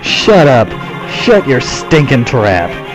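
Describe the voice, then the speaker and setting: A man voicing a cruel male bandit chief with a slow, gloating sneer, over game music. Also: mid-range voice, big pitch swings, rough recording.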